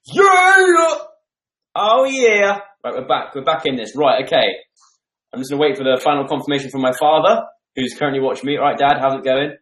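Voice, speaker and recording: A young man chats loosely to viewers over a live stream, rambling from one thought to the next as he reads comments. His voice sits at an ordinary middle pitch, and the room around him rings noticeably. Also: little pitch movement, fast, echoey room. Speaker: livestream host. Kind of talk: casual live stream chat. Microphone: desktop microphone.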